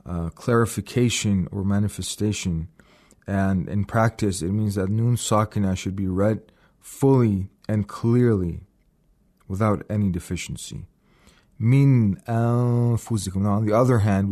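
A man with a somewhat low voice leads a radio lesson on recitation. He explains patiently, slowing down and repeating single words to demonstrate each sound. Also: a little mellow. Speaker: Quran recitation teacher.

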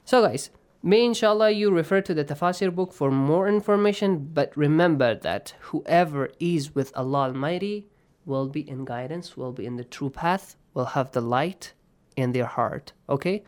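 A man's voice: fairly high pitch, moderate pace, a little mellow. A man teaching Quran recitation rules in a lesson, explaining patiently and checking understanding often. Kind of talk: online tajweed lesson.

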